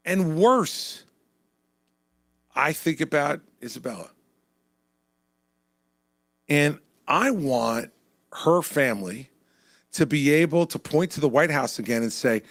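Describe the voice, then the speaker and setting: With a slightly high voice and lively intonation, a presidential candidate speaks at a measured pace, leaving long pauses. The recording is studio quality. At this indoor town hall he gives a punchy, conversational stump speech and Q&A, repeating lines for emphasis.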